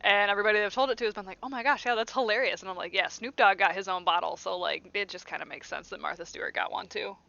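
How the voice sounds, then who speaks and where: Bright, crisp voice, slightly dull sound. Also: medium pitch, no room sound. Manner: fast, chatty storyteller. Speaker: stream runner and player. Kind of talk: casual chat.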